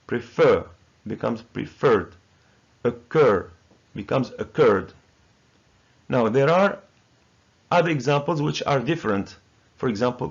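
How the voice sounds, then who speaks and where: A male English teacher with a Moroccan accent walks through verb forms one word at a time, slow and deliberate. His voice is husky with a gravelly edge. The recording sounds dull and lo-fi. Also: mid-range voice. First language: Moroccan Arabic. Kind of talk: recorded grammar lesson.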